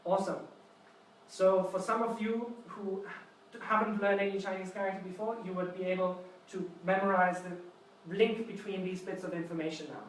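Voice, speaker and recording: A man with a high voice gives a live lecture, explaining through playful little stories and calling on the audience. He is picked up from far off in a very echoey university room, with faint background noise. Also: fairly even intonation, normal speed. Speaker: seminar presenter.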